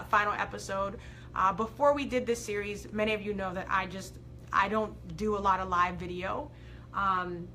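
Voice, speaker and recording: A woman hosting a live inspirational video, preaching with big swings from loud to soft and reading viewer comments aloud. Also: mid-range voice, slight background noise. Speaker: host of a live faith and life coaching show.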